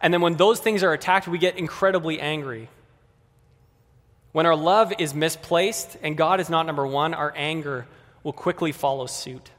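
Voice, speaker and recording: A man's voice: fairly high pitch, steady tone, normal speed, a bit bright, big-room sound. A man preaching a sermon in a conversational way, speaking directly to the kids and the adults in the congregation.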